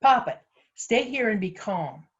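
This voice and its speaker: A woman reading a story aloud, voicing a level-headed older woman who speaks gently and coaxingly. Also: medium pitch, sing-song, a little slow, dull audio. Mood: steady.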